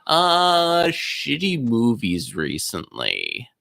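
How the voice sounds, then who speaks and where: A man's voice: mid-range voice, very slow, creaky, no room sound. A man co-hosting a podcast, chatting casually and recounting a movie with bouncy delivery. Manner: lively, bouncy storytelling with laughs. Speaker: podcast co-host. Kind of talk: casual chat.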